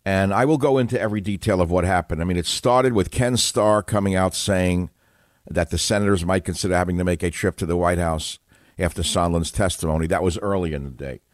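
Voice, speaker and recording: Man, low voice, dry studio sound, dramatic indignant talk radio host. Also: fairly quick, dry recording. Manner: indignant, dramatic, name-calling. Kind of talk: political talk radio monologue.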